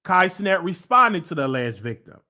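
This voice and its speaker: A man's voice: high-pitched, sing-song, normal speed, pushed and bright. A man hosting a show, reading messages aloud and adding his own comments, often stopping to scroll back and reread. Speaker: show host.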